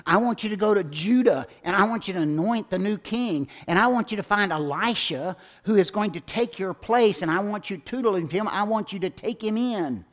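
A man's voice: high-pitched, lively intonation, normal speed, hardly any pauses, pitched above the performer's own voice. A man preaching a sermon, voicing God giving a prophet firm, insistent orders in a raised voice. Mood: commanding.

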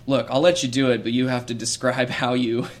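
Male game master, mid-range voice, relaxed descriptive narration. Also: mid-range voice, a little fast.

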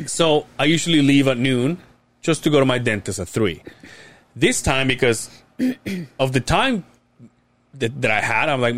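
A man's voice: medium pitch, lively intonation, unhurried, pauses often, fairly bright tone. A man in his late thirties hosting a podcast, telling a long, rambling story in casual chat and swearing freely. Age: late 30s. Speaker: podcast host.

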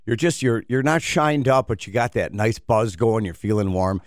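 A man's voice: lowish voice, expressive, moderate pace, dry recording, clean studio sound. A man hosting a talk radio show, rambling and acting out little scenes in casual banter.

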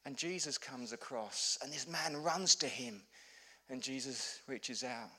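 A male pastor gives a sermon full of humorous storytelling, alternating loud bursts with hushed lows. He speaks a little slowly, his voice slightly rough.

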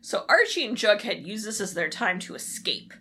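A woman podcast co-host recapping an episode in a giggly, animated way. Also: mid-range voice, moderate pace, husky.

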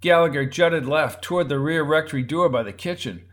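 Reading a crime novel aloud, this audiobook narrator shifts his delivery to voice each character. He speaks a little fast, in a slightly high voice with a fairly bright tone.

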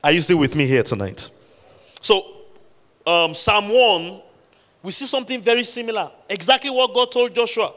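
Male pastor preaching, kinda high voice, lots of pauses and questions to the crowd, long church hall echo. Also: expressive, fairly bright tone. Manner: preaching with emphatic pauses and repeated questions to the congregation. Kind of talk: sermon.

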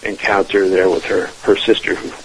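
A man's voice: deep voice, little pitch movement, moderate pace, fairly bright tone, slight background noise, rough recording. A man telling a family ghost story as a radio interview guest, rambling with many restarts and fillers.

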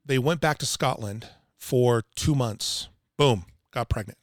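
Man, podcast guest, emphatic, repeats for effect, mid pitch, dead-dry sound. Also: measured pace, dry recording. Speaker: water filtration installer, guest. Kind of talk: casual podcast chat. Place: Utah.

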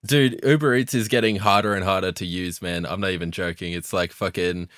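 A man's voice: low-pitched, steady tone, brisk, hardly any pauses, fairly bright tone, dry recording, studio quality. A man in casual, sweary podcast banter. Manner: sweary, laid-back banter. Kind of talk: casual chat.

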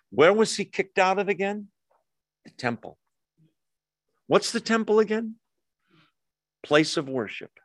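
A man's voice: mid-range voice, fairly bright tone, no room sound. A middle-aged male pastor preaches in a loose, conversational style. He asks questions of his listeners and throws in jokes. The recording is dry and close. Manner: conversational, rhetorical questions, humorous asides. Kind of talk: sermon.

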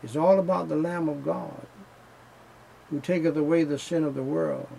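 Gravelly preacher guy, kinda high voice, slow and emphatic, keeps repeating his lines. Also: steady tone, warm tone, slight background noise, rough recording. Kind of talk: sermon.

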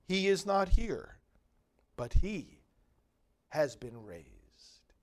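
A male priest giving liturgical readings and a homily in a measured, solemn way with long pauses. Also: fairly high pitch, sing-song.

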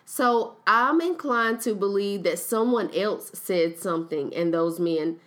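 A woman's voice: medium pitch, a little slow. Young woman, podcast co-host, chatty storyteller who acts out quotes. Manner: animated storytelling, retells quotes, laughs at her own stumbles. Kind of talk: casual chat.

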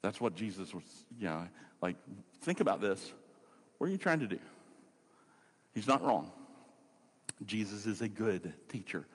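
Animated pastor preaching in a reverberant hall. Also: male voice, fairly low pitch, unhurried, pauses often, slightly rough. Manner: conversational, animated preaching with fillers and rhetorical questions. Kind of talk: sermon.

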